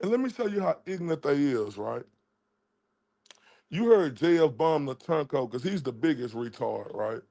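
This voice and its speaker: This commentator's voice is fairly high, gravelly and mellow, yet expressive, moving at a moderate pace. He hurls profanity and mockery at the people he addresses during an angry livestream rant.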